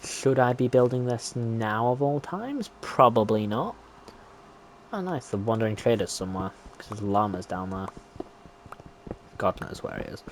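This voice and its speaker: A man's voice: medium pitch, very animated, moderate pace, a little hiss or hum. A man giving chatty running commentary to himself as he plays a game. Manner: chatty running self-talk. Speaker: gameplay streamer. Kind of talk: casual gameplay commentary.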